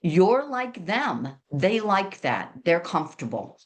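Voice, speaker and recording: A woman with a slightly low, loud outdoor voice, teaching fellow agents about sales. She keeps it chatty and pokes fun at herself. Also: slow. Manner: lively, chatty and self-deprecating. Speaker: real estate agent sharing sales training. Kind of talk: training talk to colleagues.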